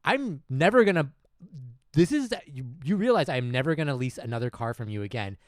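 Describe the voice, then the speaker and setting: A man hosting a podcast, telling a comedic story in a casual, animated way and laughing often. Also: mid-range voice, a little fast, no room sound, studio quality. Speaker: podcast host.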